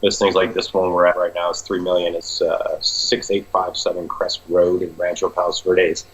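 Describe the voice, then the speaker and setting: Deep-voiced man, lo-fi recording. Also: completely flat delivery, moderate pace. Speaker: real estate agent. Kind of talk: casual interview.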